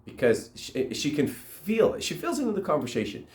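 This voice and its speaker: A man's voice: fairly high pitch, wildly swooping pitch, moderate pace, a little mellow. A man telling a story in a loose, conversational way. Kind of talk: casual oral storytelling. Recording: roomy echo.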